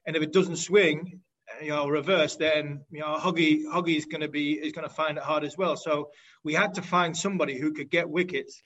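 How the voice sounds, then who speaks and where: A former cricketer hosting casual chat, asking easy, direct questions. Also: male voice, fairly high pitch, fairly even intonation, moderate pace, fairly bright tone, dull audio, a little hiss or hum. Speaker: former cricketer, podcast host.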